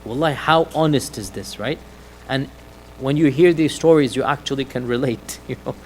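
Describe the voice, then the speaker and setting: Man giving an animated religious lecture. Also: medium pitch, moderate pace, a little hiss or hum, poor audio. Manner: animated storytelling, acting out quoted lines. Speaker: preacher. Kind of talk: Islamic lecture retelling a hadith. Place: mosque hall.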